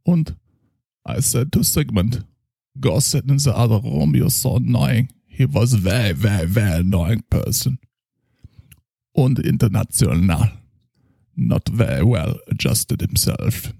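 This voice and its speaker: A pompous, tipsy German psychoanalyst, as a man puts him on, drawls out grand boasts in a heavy mock German accent. The voice is gravelly and husky with a lively, swooping pitch, and the room is dry and close. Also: no room sound, full character voice. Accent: put-on German. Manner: slow, grandiose, slurring boasts. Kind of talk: improvised comedy character.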